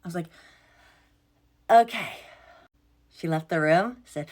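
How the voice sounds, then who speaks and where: A woman's voice: on the low side, lively intonation, measured pace, long pauses. A young woman telling a storytime vlog in a casual, exasperated way, swearing freely and acting out what everyone said. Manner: exasperated, swears freely, quotes herself and others.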